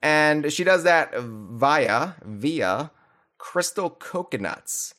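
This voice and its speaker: Joking podcast host, lively pitch. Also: male voice, extremely slow. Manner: rambling, joking, with filler restarts. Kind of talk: casual chat.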